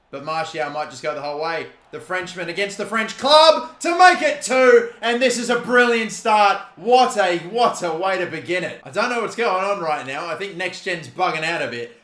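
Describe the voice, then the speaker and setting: Excitable young Australian gaming commentator. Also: male voice, fairly high pitch, echoey room. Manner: excitable, swearing, shouts at big moments. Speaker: gaming YouTuber. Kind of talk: live gameplay commentary.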